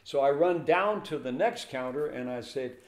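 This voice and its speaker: Speaking at a moderate pace in a mid-range voice, an older pastor tells an interviewer a story, bringing its characters to life by acting out their dialogue. The room echoes noticeably.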